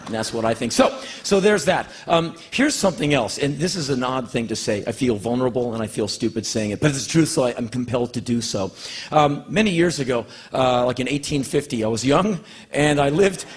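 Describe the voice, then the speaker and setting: A man in his fifties from Washington, D.C. tells a stand-up monologue, intense and profane, often bursting into shouts. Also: mid-range voice, lively intonation, brisk, slightly rough. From Washington, D.C., United States. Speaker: spoken-word performer. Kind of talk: stand-up spoken-word monologue.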